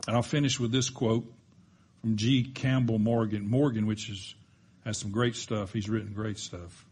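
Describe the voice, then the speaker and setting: A man's voice: on the low side, fairly even intonation, normal speed, darkish tone, slightly rough. A man preaching a sermon in a church, emphatic and building to strong peaks, with joking asides to the congregation. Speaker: pastor.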